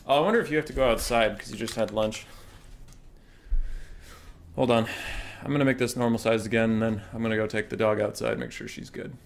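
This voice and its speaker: A man's voice: on the low side, fairly quick, vocal fry. Chatty streamer man, faint hum. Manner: relaxed, chatty, reacts to chat. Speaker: game streamer and caster. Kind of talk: casual livestream chat.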